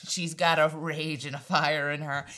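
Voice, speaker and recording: A woman's voice: deep voice, level tone, moderate pace, bright, forceful tone. A young woman from Hawaii telling a story from her past in a casual way, laughing often and acting out the people in it. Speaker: storytelling guest.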